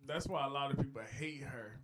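A man co-hosting a podcast in casual chat, blunt and joking, with sudden jumps in loudness. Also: medium pitch, brisk, a little hiss or hum. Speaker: podcast co-host.

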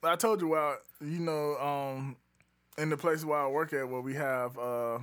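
A slightly higher, bright-toned man in easygoing conversation. He talks in loose slang, full of ums and restarts. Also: fairly even intonation, a little slow. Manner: laid-back slang, fillers, trails off searching for names. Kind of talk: casual chat.

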